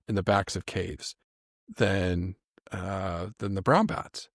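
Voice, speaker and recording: A man co-hosting a casual animal podcast, chatty and quick to laugh, often restarting his sentences. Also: sits low, no echo, studio quality. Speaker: podcast co-host. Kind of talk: casual chat.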